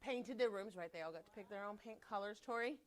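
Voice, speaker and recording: A woman teaching a children's Sunday school class, bubbly and teasing, talking fast as she jokes with the kids. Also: mid-range voice. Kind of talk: children's class, lively and playful.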